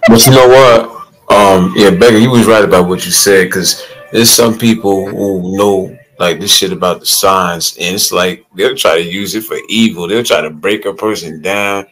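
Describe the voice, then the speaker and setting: A man chatting casually in an online group talk, slow and laid-back. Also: sits low, a bit bright, poor audio.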